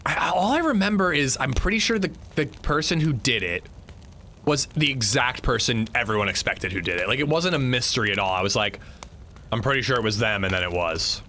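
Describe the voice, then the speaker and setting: A man's voice: mid-range voice, expressive, brisk, pushed and bright, a little hiss or hum. Chatty male gamer talking to chat. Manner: chatty, answers chat, swears when annoyed. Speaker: streamer. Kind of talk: casual livestream chat while gaming.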